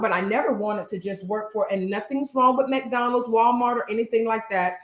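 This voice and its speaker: A woman therapist talking earnestly and emphatically straight to her listeners, stumbling now and then as she picks her words with care. Her voice sits a little high for a woman. The sound bounces around a reverberant room. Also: normal speed, few pauses. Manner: stutters a little, choosing words carefully. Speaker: therapist and social worker, co-host. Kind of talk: casual couple's talk show.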